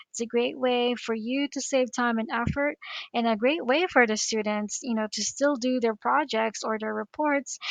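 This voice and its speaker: Gravelly-voiced woman teaching software steps. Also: a little high, no echo. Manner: friendly step-by-step explaining to teachers. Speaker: educational coach. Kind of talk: screen-recorded software tutorial.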